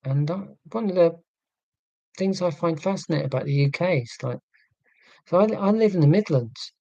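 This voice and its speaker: A man's voice: fairly high pitch, normal speed, gravelly, warm tone, no echo, lo-fi sound. A man from southern England hosting a casual live stream, reading chat and musing in a tangential, self-deprecating way. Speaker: livestream host reading chat.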